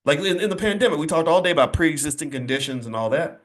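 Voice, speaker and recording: A man's voice: fairly high pitch, expressive, fast. A man giving a motivational speech to a live audience, with an emphatic, preacher-like cadence, repeated phrases and blunt folksy asides.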